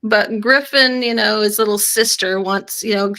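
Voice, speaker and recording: A woman's voice: medium pitch, steady tone, normal speed, few pauses, pushed and bright. A middle-aged woman from Northern Ireland, with no trace of an Irish accent, chatting as a guest and rambling through her stories. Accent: American, no Irish accent. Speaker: guest author. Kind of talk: casual chat.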